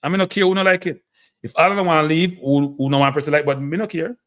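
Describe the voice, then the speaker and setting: A man with a Jamaican accent hosting a live stream, talking football in an excitable, emotive way and laughing often. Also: on the high side, rapid-fire.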